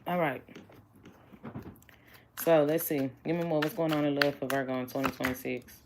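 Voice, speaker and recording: A woman's voice: sits low, fairly even intonation, moderate pace, noisy background. A chatty woman doing a casual tarot reading, blunt and joking with her viewers. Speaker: tarot reader.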